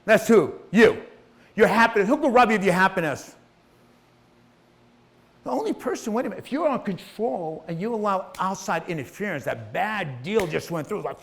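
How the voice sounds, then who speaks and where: A middle-aged man giving an impassioned, preachy motivational speech, swinging between hushed and loud and swearing casually. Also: sits high, animated, moderate pace, gravelly. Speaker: motivational speaker.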